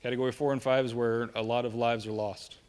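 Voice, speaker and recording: A man's voice: mid-range voice, flat delivery, fast talker, a little mellow, clean tone. A young man with a Southern American accent, giving a joking, conversational safety talk to a live audience and often checking in with "right?". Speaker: safety presenter. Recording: long hall reverb.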